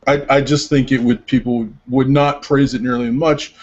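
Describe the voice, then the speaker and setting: A man's voice: mid-range voice, moderate pace. A man co-hosting a casual podcast chat, rambling with lots of filler words as he tells stories. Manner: rambling, many filler words, animated retelling. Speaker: podcast co-host. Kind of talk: casual chat about movies. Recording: dull lo-fi sound.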